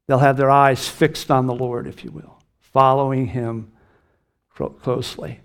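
A man's voice: medium pitch, level tone, unhurried, gravelly, clean tone. Earnest middle-aged male preacher. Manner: earnest, emphatic preaching with lifts on key phrases. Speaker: pastor. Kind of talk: sermon.

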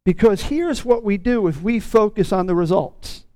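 Guy preaching to his church, slightly high voice, repeats his points, dry mic. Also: moderate pace, a little mellow, no room sound. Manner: earnest teaching, repeats key phrases. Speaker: pastor. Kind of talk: sermon.

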